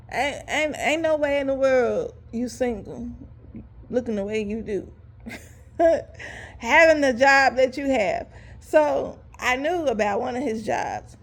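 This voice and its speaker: Speaking straight to her viewers, a vlogger tells a story in a casual, chatty way and laughs as she goes. Her voice sits high and has a creaky quality, and her manner is animated.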